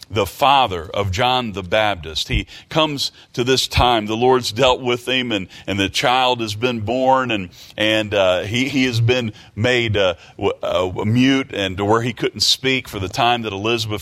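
A man's voice: fairly low pitch, fairly bright tone. A man preaching a sermon, reading scripture aloud and asking the congregation rhetorical questions in a folksy way, often repeating words. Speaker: pastor.

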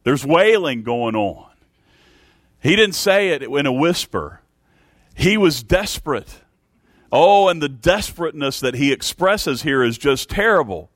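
A man's voice: lively intonation, a little slow, no echo, studio quality. Fiery preacher man with folksy swings. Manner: swings from low hushed tones to loud pleading cries; folksy, addresses congregation as folks. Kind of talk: sermon.

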